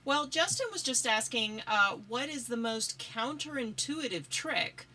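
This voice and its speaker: Bright-voiced woman, relaxed and teasing. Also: a little high, unhurried. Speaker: co-host passing along viewer questions. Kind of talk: casual live-stream chat.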